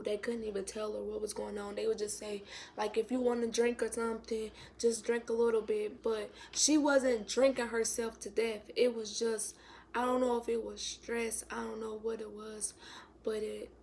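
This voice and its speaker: A woman's voice: on the high side, level tone, normal speed, gravelly, a little mellow, slight background noise. A young woman tells a sad story in a vlog, close to tears and often dropping to a whisper. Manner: emotional, tearful, drops to a whisper. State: close to crying. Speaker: vlogger.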